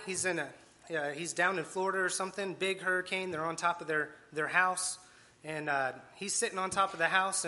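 A man's voice: a little high, pushed and bright. A man preaching a conversational sermon with asides and self-deprecating humor. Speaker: lay preacher.

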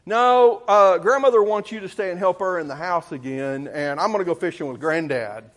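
A man's voice: high voice, moderate pace, pitched above the performer's own voice, natural voice. A man voicing his sly, tattling little sister in a spoken story, with a bossy, pointed delivery.

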